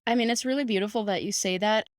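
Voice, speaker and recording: A woman in her thirties hosts a podcast in casual, emphatic chat, laughing often and peppering her talk with "like". Her voice sits at a middle pitch and is recorded close and dry, with no room around it. She speaks as a vet sharing her own stories. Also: quick pace, dry recording. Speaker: podcast host, house call vet.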